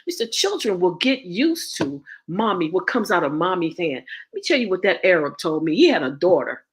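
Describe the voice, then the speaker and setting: A woman's voice: lowish voice, sing-song, a little fast, hardly any pauses. A woman speaking as a guest and ritual teacher, blunt and profane, preaching with rhetorical questions. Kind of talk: impassioned spoken address.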